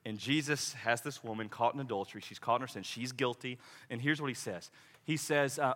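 Man, pastor, sermon, conversational, bright forceful tone, long hall reverb. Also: mid-range voice, fairly quick. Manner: animated, conversational preaching with dramatic quoted voices.

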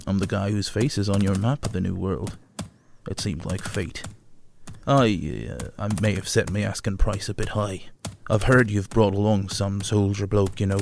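A man's voice: lowish voice, a little mellow, a little hiss or hum, lightly acted. A man voicing a boastful, out-of-work 1600s captain, who rambles and hesitates while promoting himself.

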